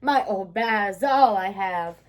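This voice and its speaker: A woman voicing a gentle old sheep in a storybook reading. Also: medium pitch, unhurried, lightly acted.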